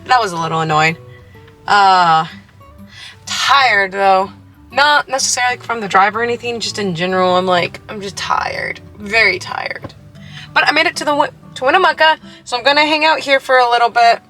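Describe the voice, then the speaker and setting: A woman talking casually to camera as a travel vlogger, chatty and easily excited, thinking out loud as she goes. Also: a little high, normal speed, soft background music. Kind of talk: casual vlog chat to camera.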